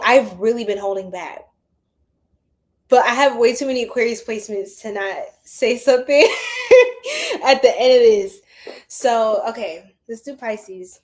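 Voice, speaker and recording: Female tarot reader talking to her audience, loose and playful, slightly high-pitched. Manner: chatty and slangy, laughing often. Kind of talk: casual tarot reading to viewers.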